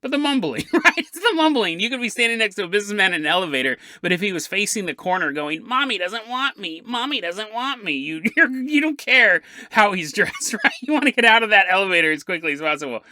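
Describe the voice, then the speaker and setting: Male podcast host, animated joking storyteller; bright, forward tone. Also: high voice, fast talker, few pauses, no room sound, clean studio sound. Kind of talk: casual storytelling narration.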